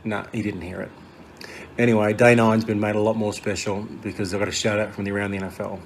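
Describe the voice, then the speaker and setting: An Australian man recording a friendly, relaxed video message from his quarantine hotel room. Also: fairly low pitch, fast, slight background noise.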